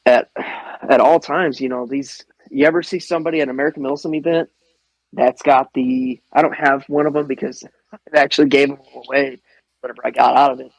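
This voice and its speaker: A young man hosts a podcast in a casual chat. He talks earnestly and swears casually, drifting from one tangent to the next. His voice is plain in pitch and recorded dry. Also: steady tone, fairly quick, vocal fry, dry recording, rough recording. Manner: earnest, profane, digressive. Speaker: podcast host.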